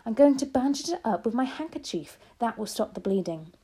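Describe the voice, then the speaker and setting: A woman voicing a calm, loving old grandmother who speaks in a soft whisper, in a storybook reading. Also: on the high side, brisk, breathy edge, voice pushed up. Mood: tender. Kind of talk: storybook read-aloud.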